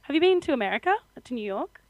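A woman's voice: high-pitched, sing-song, fast, no room sound, poor audio. A young Australian woman co-hosting a podcast, telling a story in casual chat with frequent laughter. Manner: chatty storytelling, laughs often. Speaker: podcast co-host.

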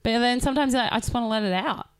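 A woman co-hosting a podcast, chatting casually, animated and teasing, laughing often. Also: fairly high pitch, very fast, clean tone. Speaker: podcast co-host. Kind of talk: casual chat.

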